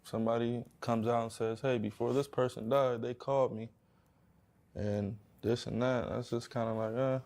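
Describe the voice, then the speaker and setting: A man speaking in casual discussion, measured and hedging his points. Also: medium pitch, level tone, darkish tone.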